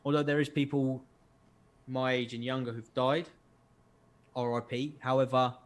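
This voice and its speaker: A man, co-hosting a podcast and telling stories in an animated, sweary way. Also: mid-range voice, normal speed. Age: 20s. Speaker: podcast co-host. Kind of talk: casual chat.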